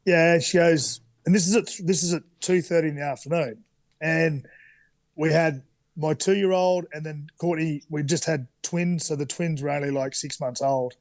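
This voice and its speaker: A man's voice: fairly high pitch, normal speed, dry recording. A man in his thirties with an Australian accent, a guest telling candid stories in a casual interview, full of fillers and restarts. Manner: relaxed, candid anecdotes with many fillers. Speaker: podcast guest.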